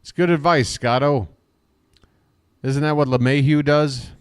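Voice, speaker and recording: At a measured pace and with a clean tone, a man gives chatty, wisecracking fan play-by-play of a live baseball game, talking back to chat viewers between pitches.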